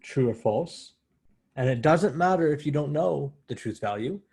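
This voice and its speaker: A man's voice: fairly high pitch, expressive, moderate pace, creaky, a little mellow, husky. A man giving a university math lecture in a conversational way, often correcting himself as he explains step by step.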